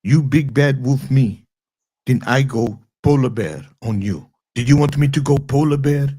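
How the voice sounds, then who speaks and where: A man's voice: medium pitch, measured pace, mellow, breathy edge. A man voicing a blustering foreign strongman in a mock Russian accent, making comic threats in broken English during an impression skit. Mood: taunting.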